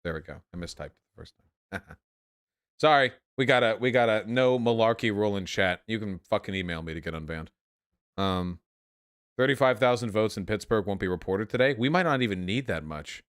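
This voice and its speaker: A man's voice: on the low side, a little fast. Young man swearing through stream commentary. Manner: swearing, sarcastic, animated, reacting to chat. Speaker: livestream host. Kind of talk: casual livestream commentary.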